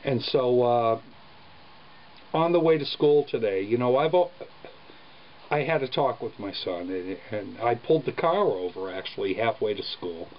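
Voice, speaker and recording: A man, a father, telling a story about his son in a casual vlog, speaking in an earnest, halting way. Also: mid-range voice, lively intonation. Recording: dull lo-fi sound with faint background noise.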